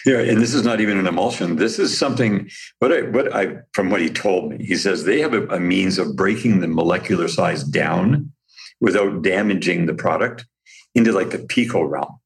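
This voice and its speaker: A man's voice: low-pitched, moderate pace, creaky. A man as the guest in a casual interview, talking enthusiastically and telling stories, with frequent restarts and small laughs. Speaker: guest, company founder.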